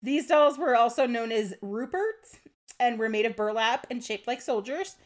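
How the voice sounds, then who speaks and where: A woman's voice: on the high side, expressive, normal speed. A woman co-hosting a podcast, explaining history in a casual chat and laughing often. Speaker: podcast co-host.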